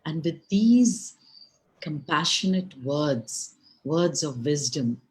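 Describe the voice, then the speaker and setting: A woman storyteller telling a folk tale in an unhurried, expressive way, with asides to her listeners. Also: sits low, slight background noise, rough recording.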